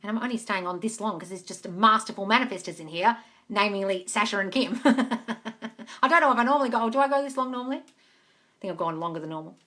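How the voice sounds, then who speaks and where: A woman's voice: mid-range voice, brisk, bright, forceful tone. A woman hosting a casual live question-and-answer stream from Australia, reading out viewer comments, chatting and swearing casually and calling listeners darling.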